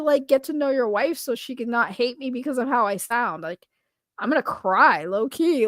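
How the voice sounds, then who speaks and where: A woman streaming casual commentary, rambling and stammering as she repeats her words, with a high, distinctive voice. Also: animated, moderate pace, a bit bright, dry recording, studio quality. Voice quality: high, distinctive voice others find grating. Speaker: streamer reacting to chat.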